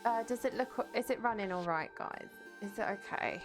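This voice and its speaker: Over music, a woman with a fairly high voice chats at a moderate pace while streaming a game from home. She has no webcam, just a desk mic, and she greets her viewers and reads their chat aloud in a casual way.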